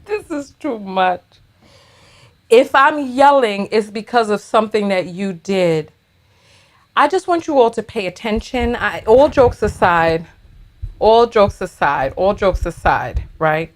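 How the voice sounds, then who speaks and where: A woman's voice: medium pitch, lively intonation, measured pace. A woman giving blunt, sassy reaction commentary on a video, firing back retorts at what she watches.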